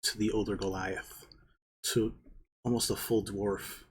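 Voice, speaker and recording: A game master narrating a tabletop role-playing scene in a slow, deliberate way. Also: low voice, little pitch movement, slightly rough.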